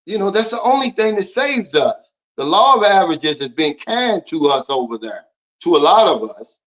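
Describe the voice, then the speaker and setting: A man's voice: high-pitched, sing-song, moderate pace, a bit bright, highs cut off. A man hosting a livestream, talking bluntly and preachily while reading out and answering viewer comments. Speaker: livestream host. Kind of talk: casual livestream talk.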